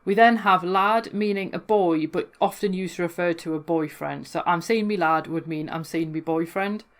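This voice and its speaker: A woman's voice: on the low side, fairly even intonation, moderate pace. A woman with a Geordie accent, explaining local dialect words in a chatty, amused way that often corrects itself. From North East England. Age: adult, worked in London before. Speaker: folklore blogger explaining dialect. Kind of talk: casual educational talk.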